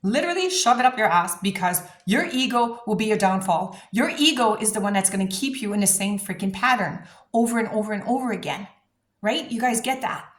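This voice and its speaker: Female coach talking to camera, animated and blunt, average pitch, roomy echo. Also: brisk. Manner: animated, blunt, swears freely. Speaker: manifestation coach. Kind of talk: casual advice talk to camera.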